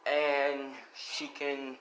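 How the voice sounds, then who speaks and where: A man tells a fan story casually, rambling and swearing, with plenty of fillers. His voice sits at an average pitch with a bright, forceful tone. Faint noise sits in the background. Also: completely flat delivery, extremely slow, low-quality recording.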